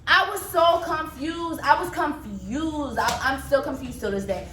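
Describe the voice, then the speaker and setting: A young woman in her twenties tells a storytime vlog with a high voice. She talks bluntly and profanely and stays animated. The room gives her voice a roomy echo with a faint hiss behind it. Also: a little slow. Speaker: vlogger.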